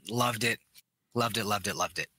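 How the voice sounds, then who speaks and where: Guy on a podcast recapping a horror movie scene by scene, really bright sharp voice, dry close mic. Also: fairly low pitch, measured pace, slightly rough, no echo. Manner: animated retelling, acts out characters' lines, swears freely. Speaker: podcast co-host. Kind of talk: casual movie review chat.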